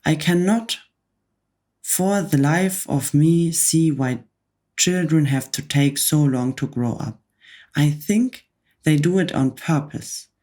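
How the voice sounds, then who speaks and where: A woman in a soft whispered role-play voicing a huge, furious female headmistress who barks scornful orders at children. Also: low-pitched, slow pace. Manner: barking, scornful.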